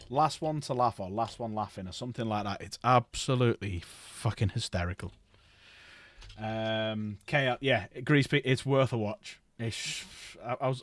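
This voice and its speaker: A man's voice: medium pitch, no echo. A middle-aged man rambling casually while he paints models on a livestream, swearing freely.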